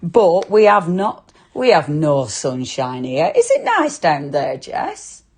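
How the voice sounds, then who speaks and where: A chatty woman from Lancashire, England, presents a live craft demo and chats with viewers in a low, slow, slightly mellow voice with a breathy edge and big pitch swings. Her Lancashire English is full of tag questions.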